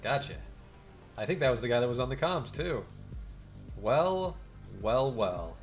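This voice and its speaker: A man's voice: mid-range voice, expressive, a little fast, soft background music. A man hosting a let's play, reading game text aloud and joking between lines. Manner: casual and joking.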